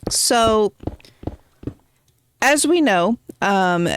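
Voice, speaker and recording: A woman's voice: mid-range voice, expressive, extremely slow, a little hiss or hum. A woman streaming a game from home, chatting casually and rambling as she answers her chat.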